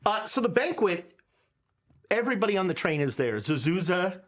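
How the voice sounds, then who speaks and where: Expressive woman narrating a tabletop game. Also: fairly low pitch, normal speed. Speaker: game master.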